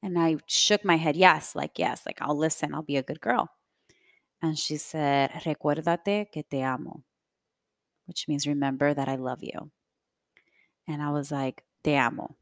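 A woman's voice: sits low, unhurried, pauses often, dry recording, clean studio sound. A young adult woman hosting a podcast, telling a personal story in a reflective, conversational way with many fillers. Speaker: podcast host.

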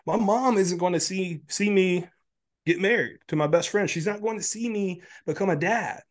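A man in his thirties talks as a guest on a casual podcast, his voice sitting a little high for a man. He is candid and loose, leaning on "like" and "um", and his voice gets emotional at times. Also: moderate pace. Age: 30s. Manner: candid, filler-heavy, many "like" and "um". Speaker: health coach guest.

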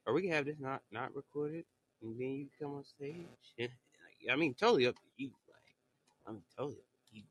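A man's voice: mid-range voice, fairly quick, fairly bright tone, slightly rough, poor audio. A young man hosting a live audio chat in a casual, rambling, slangy way, repeating himself often. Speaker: podcast host on live audio stage.

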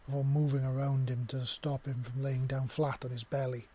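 A man narrating a written story in an audio reading with a steady, even delivery and a husky voice. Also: mid-range voice, normal speed.

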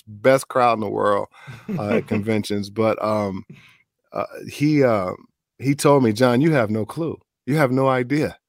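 A man's voice: medium pitch, no room sound, clean studio sound. A middle-aged man, a voice actor, telling stories in a casual interview and acting out the voices of the people he quotes. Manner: animated storyteller, acts out quoted voices. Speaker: voice actor guest.

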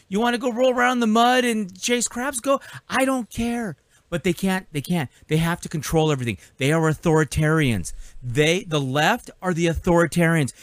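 A man's voice: extremely high pitch, no room sound. An older man co-hosting a political talk show who rants in an exasperated, profane tirade. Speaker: co-host.

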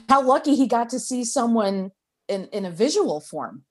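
A woman's voice: fairly high pitch, darkish tone. A woman being interviewed, telling her story in a chatty, hesitant way with frequent restarts. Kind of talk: casual oral history interview.

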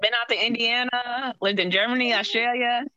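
Bright-voiced woman from Boston. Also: fairly high pitch, steady tone, moderate pace, clear, resonant tone, dry recording, highs cut off. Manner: laid-back, firm, jokey. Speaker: podcast guest. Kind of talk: casual podcast chat.

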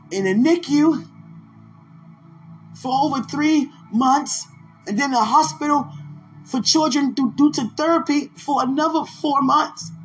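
A woman podcast host telling a personal faith testimony in an emotional way, with pleading repetitions. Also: high voice.

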